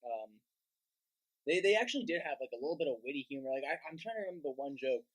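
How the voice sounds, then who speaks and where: A young man co-hosting a podcast, chatting casually with a hesitant, halting delivery. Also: medium pitch, animated, rough recording. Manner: hesitant, lots of fillers and restarts. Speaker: podcast co-host. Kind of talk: casual chat.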